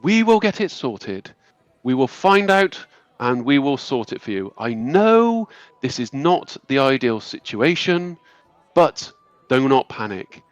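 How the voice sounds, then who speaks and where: A man voicing a graceful, authoritative high elf woman who soothes a crowd in a formal, reassuring manner. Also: big pitch swings, unhurried, dry recording, muffled recording, full character voice. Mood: soothing.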